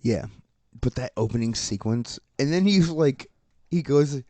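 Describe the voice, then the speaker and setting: A man's voice: mid-range voice, measured pace, no room sound. Laughing, profane man recapping TV. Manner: excitable, swears a lot, laughs while retelling scenes. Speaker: podcast co-host. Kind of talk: casual pop-culture chat.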